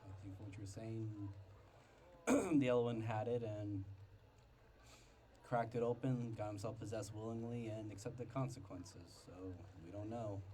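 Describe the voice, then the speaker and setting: A man's voice: lowish voice, a little slow, mellow, a little hiss or hum. A man in casual chat with his gaming group, making brief, matter-of-fact remarks. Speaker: player in tabletop game group.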